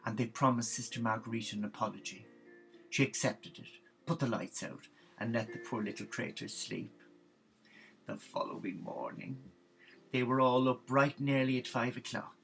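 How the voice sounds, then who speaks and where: A man tells a comic story with gossipy relish. His voice is gravelly, and faint music plays in the background. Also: mid-range voice, moderate pace, rough recording. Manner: gossipy, animated.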